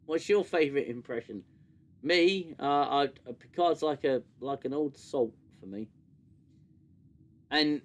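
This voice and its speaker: A man's voice: a little high, a little slow, long pauses. Rambling British man hosting a livestream. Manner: rambling, many fillers and restarts. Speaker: livestream host. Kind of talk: casual livestream chat.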